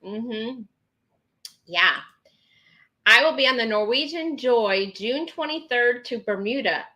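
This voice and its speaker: A woman's voice: on the high side, pushed and bright, poor audio. A woman hosting a casual live stream, chatting and reading viewer comments aloud with many ums.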